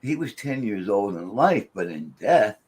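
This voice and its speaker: A man's voice: fairly low pitch, sing-song, a little slow, a little mellow, slightly rough. A man, a paranormal investigator, chatting casually and rambling with frequent restarts. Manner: rambling, repeats and restarts words. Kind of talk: casual chat.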